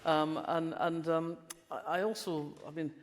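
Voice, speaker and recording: Low-pitched, steady and unhurried, the voice belongs to a guest crime writer in her sixties from Fife with a polished Scottish accent. Onstage in a reverberant festival hall, she tells wry stories in a live conversation, frequently starting over mid-sentence.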